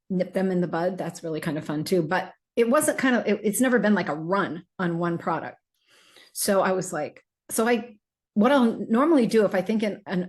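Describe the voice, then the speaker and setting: A middle-aged woman with a somewhat low voice hosts a casual podcast about herbal remedies. She talks in a loose, rambling way, full of ums and restarted sentences, as if chatting with a friend. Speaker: host selling herbal remedies.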